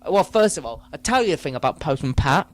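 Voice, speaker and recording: Profanely ranting man, slightly high. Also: sing-song, fast talker. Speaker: podcast host. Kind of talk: comedic rant.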